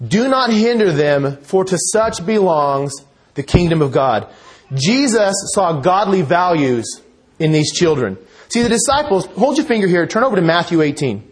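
A man's voice: sits high, very animated, normal speed. A man preaching a conversational sermon in a church, reading scripture and quotes with casual asides. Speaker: pastor.

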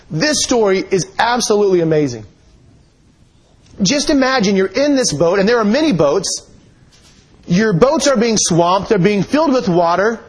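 Husky-voiced man preaching a sermon. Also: high voice, low-quality recording. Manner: earnest, emphatic, rhetorical questions. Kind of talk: sermon with scripture reading.

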